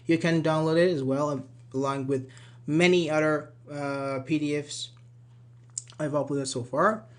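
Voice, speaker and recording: Guy teaching grammar online, slightly high voice, keeps repeating examples with rising and falling tones. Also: fairly even intonation, unhurried. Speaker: English teacher.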